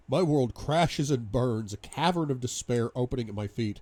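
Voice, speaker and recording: A man reading a novel aloud in first person, dramatic, moving between hushed despair and loud outbursts. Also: medium pitch, brisk, few pauses. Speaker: audiobook reader.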